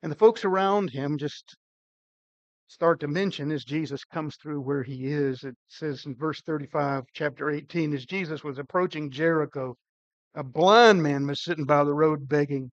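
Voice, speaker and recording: An older man preaching a sermon with emphatic, dynamic delivery, his loudness swinging widely. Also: on the high side, normal speed, no echo, muffled recording. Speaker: pastor.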